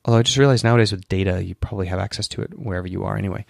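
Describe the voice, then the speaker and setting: A man's voice: fairly low pitch, very fast, gravelly, hardly any pauses, dry recording, clean studio sound. A man hosting a solo question-and-answer show, explaining at length with restarts and asides, tired and yawning early in the morning. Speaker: podcast host answering questions. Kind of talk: casual solo Q&A talk.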